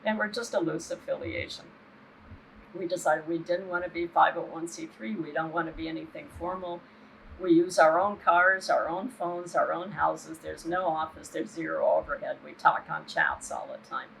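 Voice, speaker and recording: A woman's voice: sits low, fairly even intonation, moderate pace, vocal fry, fairly bright tone, a little hiss or hum, rough recording. An older woman giving an impassioned interview as a human rights activist, earnest and indignant, often checking in with "right?".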